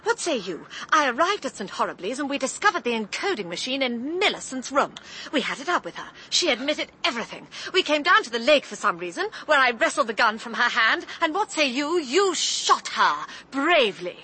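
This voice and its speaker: A woman's voice: sits high, sing-song, brisk, pushed and bright, husky, heavily acted. A woman playing a breezy, scheming posh lady sleuth in a comic radio play. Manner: breezy, plummy, theatrical.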